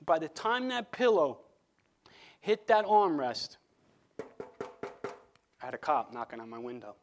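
A man tells his own faith testimony in an earnest, halting way. His voice sits a little high for a man, and he often restarts and repeats words as he goes. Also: very animated. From Long Island, New York. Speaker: speaker giving a testimony.

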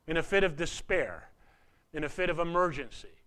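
A man preaching a sermon as a pastor, retelling a scripture story, swinging between loud outbursts and hushed, quiet lines. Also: high-pitched, moderate pace, clean tone.

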